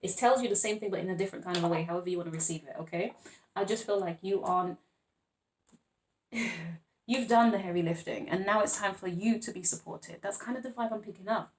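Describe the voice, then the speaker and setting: A woman's voice: mid-range voice, fairly quick. Playful chatty woman reading tarot. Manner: chatty and playful, laughing often, calling viewers babes and darling; rambling with frequent restarts. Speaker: tarot reader. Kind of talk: casual tarot reading monologue.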